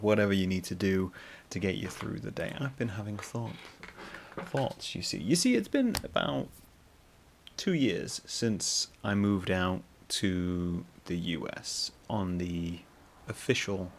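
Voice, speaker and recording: Gravelly-voiced northern English man rambling. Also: low voice. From northern England. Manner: rambling, self-mocking, puts on voices for anecdotes. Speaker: podcast host. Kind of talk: solo podcast monologue.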